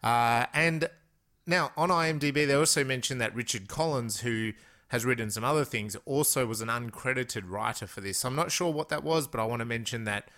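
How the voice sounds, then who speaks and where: Chatty Australian man with a bright voice. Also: mid-range voice, a little fast. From Western Australia. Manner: chatty, laughs often, leads the discussion. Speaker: podcast co-host. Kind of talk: casual film podcast chat.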